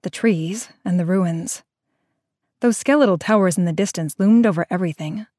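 A woman narrating an audio drama in a slow, measured storytelling manner. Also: fairly low pitch, a little mellow, no echo, clean studio sound.

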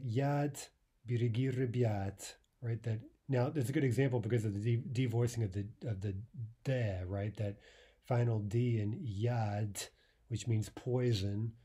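A man's voice: medium pitch, dark tone, breathy edge. A man teaching a recorded language lesson, explaining patiently and often checking in with "right?" between points.

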